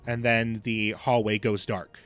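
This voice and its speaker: A man's voice: lowish voice, level tone, unhurried, a bit bright, faint music behind. A man running a tabletop role-playing game as game master, narrating the scene with lots of fillers and restarts. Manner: loose, filler-heavy narration.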